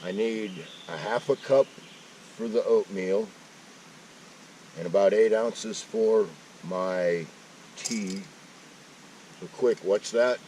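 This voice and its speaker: A folksy man talks through his camp breakfast in a fairly low voice, easy and chatty, dropping in jokes as he goes. He sits a little back from the mic outdoors, with a faint hum of noise behind him. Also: takes it slowly, pauses often, warm tone, distant mic, poor audio. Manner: folksy, chatty, joking asides. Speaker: outdoor vlogger. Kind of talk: casual camp-cooking vlog. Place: outdoor mountain campsite.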